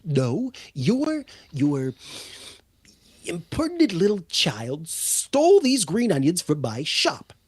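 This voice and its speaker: A man's voice: fairly high pitch, huge pitch swings, slow, slightly rough, pitched above the performer's own voice, full character voice. A man voicing an indignant gnome shopkeeper who talks in a huffy, scolding way.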